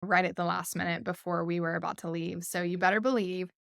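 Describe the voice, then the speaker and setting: A woman in her thirties hosting a podcast, telling a family story in a casual, animated way with frequent laughs and "like" fillers. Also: lowish voice, a little fast, vocal fry, smooth, no echo, studio quality. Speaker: podcast host.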